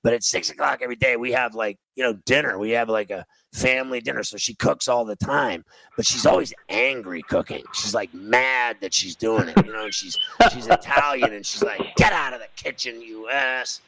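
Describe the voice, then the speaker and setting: A middle-aged man hosting a casual chat, telling animated stories and acting out quotes. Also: mid-range voice, brisk, vocal fry, crowd noise, low-quality recording. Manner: animated storyteller, acts out quotes.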